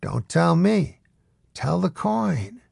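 A man's voice: a little high, big pitch swings, takes it slowly, creaky, darkish tone, slightly rough, no room sound, pitched above the performer's own voice, exaggerated voice. A man doing a dry, shrewd gambling buddy. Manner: dry, matter-of-fact.

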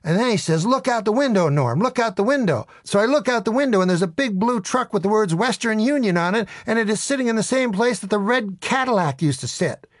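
Deadpan man reading his memoir. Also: sits high, fast, few pauses, no room sound, clean studio sound. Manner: deadpan, wry storytelling. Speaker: audiobook narrator. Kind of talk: audiobook memoir narration.

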